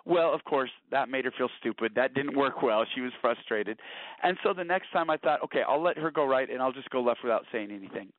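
A man's voice: medium pitch, expressive, fairly quick, no echo. A middle-aged man telling earnest, anecdotal stories about marriage, often repeating words at the start of a thought. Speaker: guest author on marriage. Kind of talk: conversational storytelling. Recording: dry, tinny phone-like radio audio.

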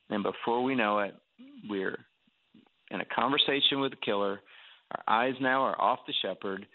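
Low-voiced preacher over a tinny phone line. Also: male voice, dry recording. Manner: acts out quoted voices. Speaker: guest preacher. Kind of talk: animated storytelling sermon.

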